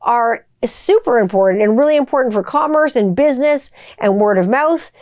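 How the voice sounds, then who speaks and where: A woman's voice: on the high side, lively intonation, normal speed, darkish tone, no room sound, studio quality. A middle-aged woman hosting a podcast, ranting bluntly with lots of swearing and rhetorical questions. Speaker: podcast host. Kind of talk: profane ranting monologue.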